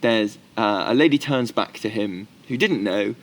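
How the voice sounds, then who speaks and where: A man's voice: lowish voice, measured pace. A man, co-hosting a casual podcast chat and telling stories animatedly, often putting on the voices of the people he quotes. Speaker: podcast co-host.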